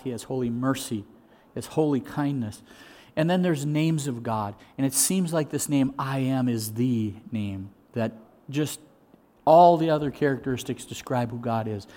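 Preaching from the pulpit, this middle-aged man has a mid-range voice and alternates lively, booming anecdotes with hushed, deliberate stresses.

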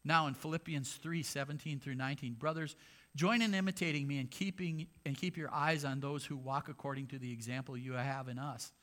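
A man's voice: mid-range voice, fairly even intonation, brisk, a bit bright. Man preaching a conversational sermon. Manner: conversational preaching with sarcastic asides. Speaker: pastor.

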